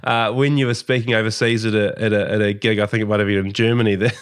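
A man's voice: on the low side, flat delivery, fast talker, clear, resonant tone. A man hosting a podcast, talking casually with lots of restarts and fillers. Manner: rambling, many fillers and restarts. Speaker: podcast host.

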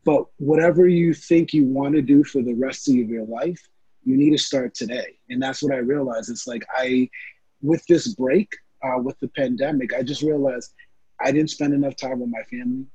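A man's voice: medium pitch, normal speed, mellow, breathy edge, no echo, muffled recording. A man who works as a fitness trainer, answering interview questions in an earnest, casual way with lots of fillers. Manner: earnest, many fillers like um and you know.

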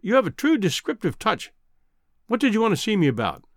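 A man reading a balding old Scottish editor, kindly and a touch fussy. He talks in a measured way and gets easily alarmed. The voice swings up and down a lot, set close and dry, as in a storybook recording. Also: sits high, wildly swooping pitch, no room sound, pitched above the performer's own voice, heavily acted.

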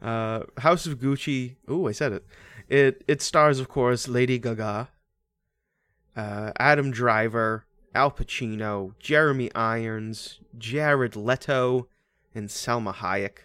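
A man co-hosting a podcast, chatting casually about a movie with quick jokes, asides and frequent laughs. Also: medium pitch, a bit bright, no echo, clean studio sound. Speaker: podcast co-host.

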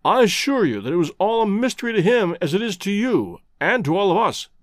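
A man voicing a grieving middle-aged colonel who speaks in a halting, earnest way. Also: high voice, sing-song, dry recording, studio quality.

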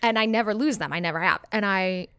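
A woman's voice: medium pitch, fast, a bit bright, smooth, dry recording. A woman co-hosting a casual chat, candid and blunt, telling stories with some swearing. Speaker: podcast co-host.

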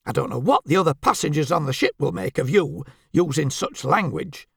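A man's voice: fairly high pitch, lively intonation, fairly quick, vocal fry, breathy edge, dry recording, clean studio sound, exaggerated voice. A man voicing a bossy, fussy middle-aged wife who scolds in a prim, censorious way. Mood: scolding.

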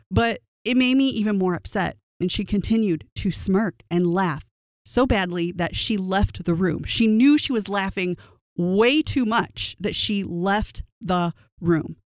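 Young adult, first-person storyteller, earnest and indignant, medium pitch that spikes when upset, dry close recording. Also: lively intonation, moderate pace, dry recording. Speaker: storyteller recounting a personal experience.

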